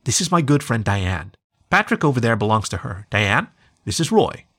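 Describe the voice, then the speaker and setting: A man voicing a young mother dog who talks in a bright, teasing way. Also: medium pitch, very animated, moderate pace. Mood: fond.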